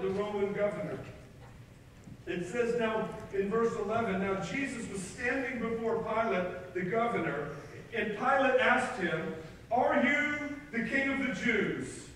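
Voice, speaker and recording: High-voiced American preacher in an echoey hall. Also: male voice, a little hiss or hum. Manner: dramatic, rising to loud quoted outbursts. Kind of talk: Easter sermon retelling scripture. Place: church sanctuary. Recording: echoey hall, far from the mic.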